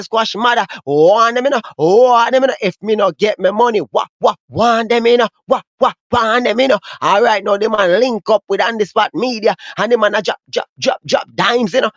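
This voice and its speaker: A man with a Jamaican accent, host of a dancehall news channel, giving lively commentary on a clip in slang-heavy street talk with frequent exclamations. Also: high voice, dry recording, muffled recording.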